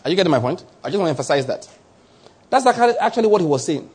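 A Nigerian man preaching a sermon as pastor, lively and conversational, acting out small voices and often checking that the listener follows. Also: high voice, rapid-fire, husky.

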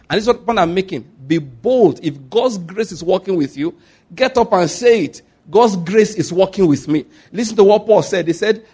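Nigerian pastor guy preaching, kinda high voice, husky, gets animated and laughs a lot. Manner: animated, laughing at his own stories. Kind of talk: sermon.

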